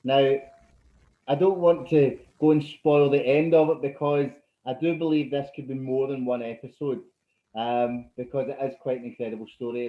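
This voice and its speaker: A Scottish man hosting a casual interview, chatty and enthusiastic, often laughing. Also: medium pitch. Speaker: podcast host. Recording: roomy, dull-sounding mic.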